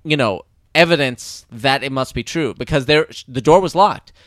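A man's voice: medium pitch, normal speed, a bit bright, dry recording, studio quality. Chatty man riffing on a movie. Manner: chatty, laughs often, quotes characters mockingly. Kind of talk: casual movie commentary.

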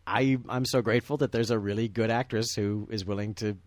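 A man's voice: fairly low pitch, steady tone, a little fast, no echo. A man hosting a casual movie discussion, rambling with many restarts and chuckles.

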